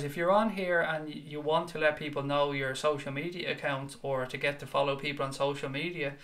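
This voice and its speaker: A young man hosts a live fan chat show, chatting casually with viewers and reading their comments out in a blunt, sweary way. His voice sits on the high side with fairly even intonation and a fairly bright tone, and he talks a little fast with few pauses.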